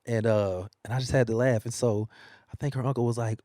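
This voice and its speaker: A man's voice: medium pitch, fairly quick, no room sound, clean studio sound. A man, a working singer, talking about his career in a casual interview and telling stories with frequent laughter. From United States. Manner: animated storytelling, laughs often. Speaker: singer and guest. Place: newspaper studio.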